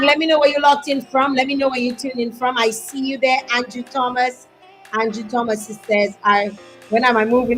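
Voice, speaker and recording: A woman with a Dominican accent, in her thirties, hosting a live online show in an animated, chatty way and greeting viewers. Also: a little high, moderate pace, soft background music. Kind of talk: lively live-stream chat.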